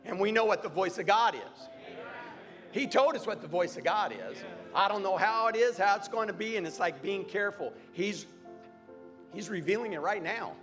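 A man's voice: sits high, expressive, moderate pace, music in the background. A man preaching a sermon, repeating phrases emphatically and building to fervent cries. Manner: preaching with rising fervor, repetitive emphatic phrasing.

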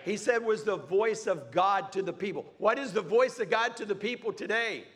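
Fervent high-voiced male preacher. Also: expressive, normal speed, fairly bright tone. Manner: preaching with rising fervor, repetitive emphatic phrasing. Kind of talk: sermon.

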